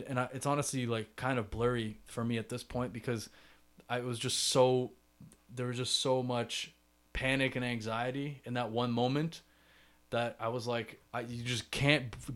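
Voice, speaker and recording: A man's voice: medium pitch, level tone, normal speed, a bit bright. A young man hosting a solo podcast, telling a personal story in a chatty way full of fillers and restarts. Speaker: podcast host.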